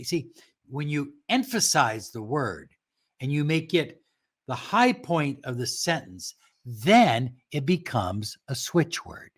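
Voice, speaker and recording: A man teaching a self-help practice, speaking slowly and emphatically and dropping some words to a soft whisper. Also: medium pitch, husky. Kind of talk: motivational talk to camera.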